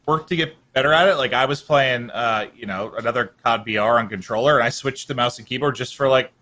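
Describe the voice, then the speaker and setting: Man, esports co-commentator, live casting, playful, hype, bright tone. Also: medium pitch, brisk. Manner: playful, hyping, asks questions of his co-host.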